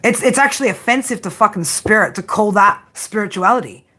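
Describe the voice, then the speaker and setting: A woman giving a tarot reading, blunt and profane, often tagging her points with a quick "right?". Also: mid-range voice, bright, forceful tone, slightly rough. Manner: frank tough-love delivery. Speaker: tarot reader.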